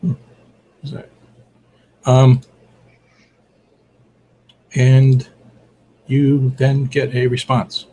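A man's voice: medium pitch, completely flat delivery, very slow, pauses often, mellow, breathy edge, rough recording. A man running a tabletop horror game as game master, describing scenes hesitantly with many fillers.

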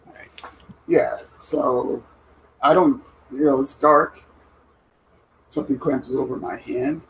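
Gravelly-voiced man playing a game. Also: medium pitch, fairly even intonation, takes it slowly, slight background noise, rough recording. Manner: thinks aloud while reading out dice results. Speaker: player. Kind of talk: casual tabletop game play.

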